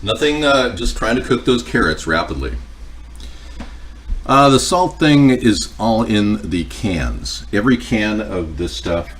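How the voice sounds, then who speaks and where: A man's voice: deep voice, far from the mic, a little hiss or hum. A man hosting a cooking livestream at home, chatting casually and joking with viewers in a rambling way. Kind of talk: casual chat answering viewer comments. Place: home kitchen.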